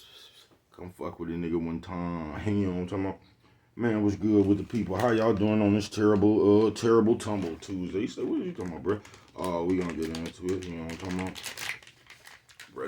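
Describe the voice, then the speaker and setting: A man's voice: low voice, darkish tone. A man giving a laid-back motivational vlog monologue, who keeps repeating "you know what I'm talking about.". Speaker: vlogger.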